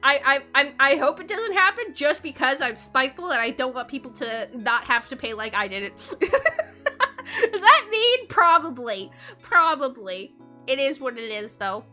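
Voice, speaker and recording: A woman's voice: high-pitched, moderate pace, sharp tone, faint music behind. A woman from Canada chatting casually on a livestream, bubbly and giggly, rambling and laughing often. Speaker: streamer.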